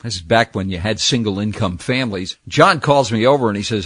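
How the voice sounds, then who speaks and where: An older man from New Jersey, recalling old jobs in a lively storytelling way and acting out the people in them. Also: fairly low pitch, a little fast, few pauses, husky, dry recording, studio quality. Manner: lively, acts out the people in his stories.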